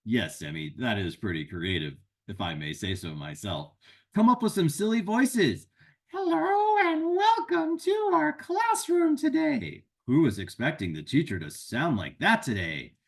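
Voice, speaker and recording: A man's voice: low-pitched, very animated, normal speed, husky. A man hosting an upbeat, encouraging advice talk for parents and teachers, walking through a list of tips. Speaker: educational consultant and host.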